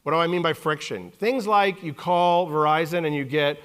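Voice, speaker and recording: Male keynote speaker, forties, slightly high voice, lively and playful with the audience. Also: brisk, few pauses, smooth. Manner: animated, joking with the audience. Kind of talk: live keynote presentation. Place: conference hall stage.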